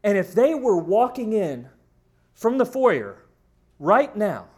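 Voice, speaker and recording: A man's voice: sits high, sing-song, slow, a little mellow. A man preaching a sermon in an emphatic, storytelling way, addressing his congregation. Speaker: pastor.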